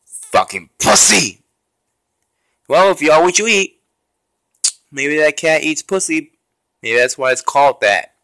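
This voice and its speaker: A man's voice: a little high, animated, measured pace, pauses often, sharp tone, no echo. Frustrated young man swearing at a game. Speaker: gaming YouTuber. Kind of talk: raging gameplay commentary.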